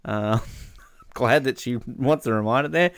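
A man's voice: mid-range voice, unhurried, creaky, a bit bright, smooth, no echo, studio quality. A young man hosting radio, chatting casually and reading listener messages with teasing asides. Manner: amused, laughs often, teasing asides. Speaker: radio host.

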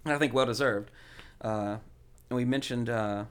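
A man's voice: mid-range voice, fairly even intonation, moderate pace, clean tone. A man hosting a podcast, chatting casually and enthusiastically about films with lots of fillers. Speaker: podcast host. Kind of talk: casual film chat.

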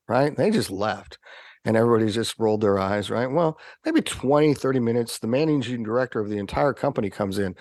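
A man from the United States, a podcast guest, telling animated, wry anecdotes in an interview. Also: lowish voice, brisk, dry recording.

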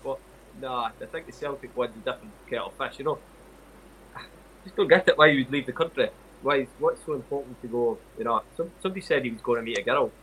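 Scottish ex-footballer chatting on a podcast, easygoing, laughs a lot, mid pitch, faint hiss. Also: male voice, fast, poor audio. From Scotland. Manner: relaxed, laughs often. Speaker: podcast co-host, former footballer. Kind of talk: casual chat.

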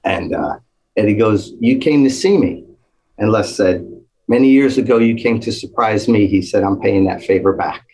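A man's voice: on the low side, moderate pace, a little mellow, rough recording. A man telling a long story in casual chat, acting out the voices of the people in it. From New Jersey. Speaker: guest storyteller.

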